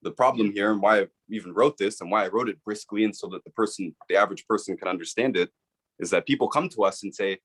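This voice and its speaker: Earnest low-voiced man explaining. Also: fast. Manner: earnest, persuasive, repeats "right?". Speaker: author and guest. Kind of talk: explanatory interview talk.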